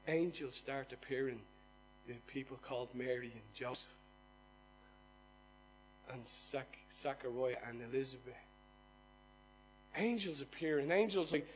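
Preaching a sermon built on personal testimony, a middle-aged man earnestly relates how he was converted and questions his listeners. His mid-range voice moves at a moderate pace with long pauses, over soft background music, and the audio is poor.

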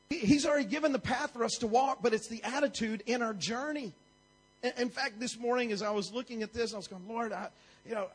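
A man's voice: very high-pitched, husky, rough recording. A man preaching a sermon in a church, with an emphatic, repetitive preaching cadence.

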